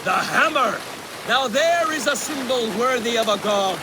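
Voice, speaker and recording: A brash, boastful Viking warrior speaks in a very high voice. Clear background noise runs under his lines. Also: expressive, a little slow. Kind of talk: video game voice acting.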